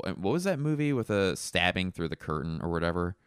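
A stand-up comedian from Philadelphia telling a rambling, casual anecdote full of fillers and self-corrections. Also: male voice, low-pitched, big pitch swings, a little fast, no room sound, studio quality.

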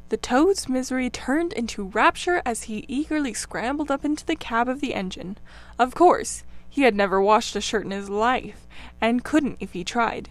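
A woman reads a classic storybook aloud with a fairly high voice. She leans into the drama, letting her delivery swell on the tense passages and settle back for the calm ones. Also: moderate pace. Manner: expressive, dramatic. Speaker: audiobook narrator. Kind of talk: storybook narration.

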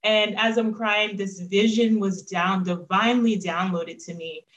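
A woman guest telling a personal story in an interview, earnest and reflective, lively when she quotes herself. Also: medium pitch, measured pace, roomy sound, low-quality recording.

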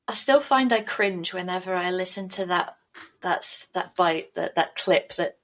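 A woman's voice: on the low side, a little slow, a bit bright. Chatty, self-mocking woman host. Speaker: podcast host. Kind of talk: casual podcast chat.

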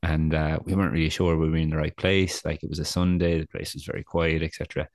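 A man's voice: very deep voice, flat delivery, fast, no echo, studio quality. A young adult man, co-hosting a podcast and telling rambling, self-deprecating stories full of fillers. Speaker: podcast co-host. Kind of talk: casual chat, storytelling.

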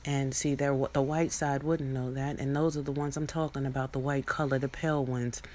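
A woman's voice: rumbling low, little pitch movement, normal speed, mellow, a little hiss or hum. A young woman in a rambling, profane monologue, preaching at her viewers with many restarts and asides. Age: young adult.

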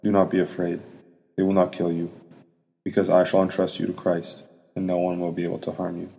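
A man reading as a gentle old monk-priest. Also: deep voice, monotone, vocal fry. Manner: soft and measured. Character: gentle elderly monk priest, stern when rebuking. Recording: long hall reverb.

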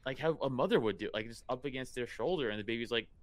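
A man's voice: medium pitch, quick pace, no room sound. Rambling, profane man chatting casually. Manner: profane, rambling, laughs often, mimics voices. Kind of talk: casual chat.

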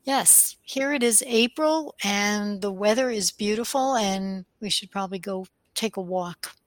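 A woman with a mid-range voice, recorded close with a dry sound. She chats casually and complains with animated emphasis. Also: mid-range voice, measured pace, no echo. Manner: complaining, animated when mimicking others. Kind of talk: casual chat.

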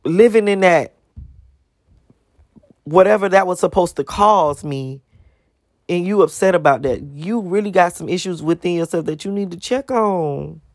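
A woman's voice: lowish voice, normal speed, a little mellow, no room sound, studio quality. Profane ranting woman vlogger. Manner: emphatic, profane, piles up rhetorical questions. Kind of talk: ranting monologue to camera.

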